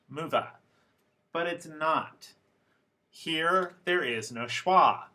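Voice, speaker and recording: A man teaching an English pronunciation lesson, speaking slowly and deliberately and repeating each example word. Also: medium pitch, sharp tone. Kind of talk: classroom lecture.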